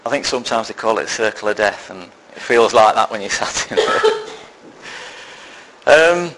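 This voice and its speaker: This lay preacher's voice is lowish, animated and slightly bright, at a moderate pace, heard through a rough recording. His sermon opens with a wry, self-deprecating personal story and then turns to a serious message.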